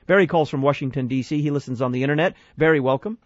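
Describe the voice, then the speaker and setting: A man's voice: a little high, very fast, no echo, dull audio. A man hosting a call-in radio show, talking thoughtfully and emphatically and building his points in lists. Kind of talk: call-in talk radio discussion.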